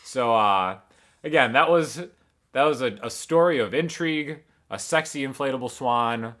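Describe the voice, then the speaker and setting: A man hosting a guitar channel, casually telling an animated story and chuckling often. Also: mid-range voice, moderate pace.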